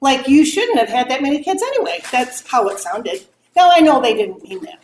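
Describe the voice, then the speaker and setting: A woman's voice: high-pitched, moderate pace, a little hiss or hum. A middle-aged woman speaking candidly about grief to a group of mothers, acting out the remarks people made to her. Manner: candid, animated, acts out quoted remarks. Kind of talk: talk to a moms' group. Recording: echoey room with faint ambience.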